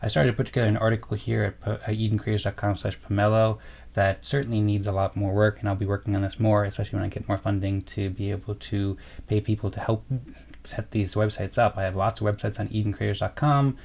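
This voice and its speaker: Young guy rambling on a livestream, low gravelly voice, pretty flat delivery, lots of ums and restarts. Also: fast talker. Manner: rambling, with fillers and restarts, reading chat comments aloud. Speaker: co-host of a livestream. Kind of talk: casual livestream chat.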